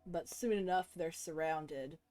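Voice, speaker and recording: Low-voiced woman narrating as game master. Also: unhurried, dark tone, soft background music.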